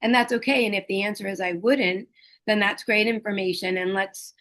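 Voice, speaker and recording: A middle-aged woman, a hospice liaison and educator, speaking gently and earnestly about caregiving, with pauses and fillers. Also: medium pitch, steady tone. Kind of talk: reflective talk on caregiving.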